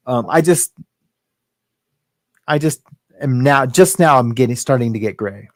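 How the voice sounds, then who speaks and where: A man's voice: fairly high pitch, lively intonation, normal speed, long pauses, dry recording. A middle-aged man telling a personal story as a podcast guest, rambling with lots of "right?" and "like", emotional and close to tears.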